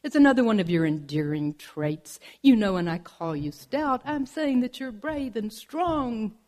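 A woman's voice: a little high, very animated, unhurried, darkish tone. A woman voicing a lovesick male bobcat who recites clumsy love poems, in a told folk story. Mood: fawning. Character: lovesick boastful male bobcat, bad poet.

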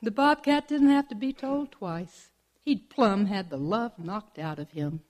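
A woman telling a folk tale aloud in a playful, expressive manner. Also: medium pitch, a little slow. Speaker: storyteller. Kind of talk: oral folk storytelling.

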